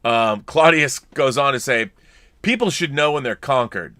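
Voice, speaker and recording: Bright-voiced man rambling through a podcast. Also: medium pitch, lively intonation, a little slow, no echo, clean studio sound. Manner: rambling, restarts, reads letters aloud. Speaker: podcast co-host. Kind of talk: casual chat, reading viewer comments.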